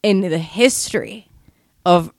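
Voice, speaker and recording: A woman co-hosting a podcast, retelling a reality show scene in casual chat, clearing her throat now and then from lingering illness. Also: lowish voice, slow pace, no room sound, studio quality. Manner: animated retelling with acted quotes and swearing. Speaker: podcast co-host.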